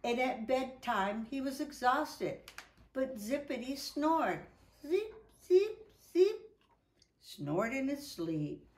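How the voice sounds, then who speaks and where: A woman reading a children's picture book aloud, with lively, drawn-out delivery. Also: fairly high pitch, echoey room. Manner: animated, drawn-out, voices for characters. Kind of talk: children's storybook read-aloud. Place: indoors at home.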